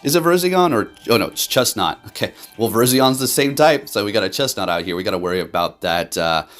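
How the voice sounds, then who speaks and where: A man giving animated, profane commentary over his own gameplay as a game video host. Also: on the low side, fast talker.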